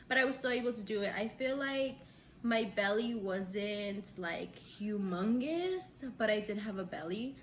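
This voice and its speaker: A young woman vlogger telling a story in casual chat, animated, often laughing and acting out quotes. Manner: animated, acts out quotes with big pitch jumps; laughs between lines, says "like" a lot. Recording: faint background noise.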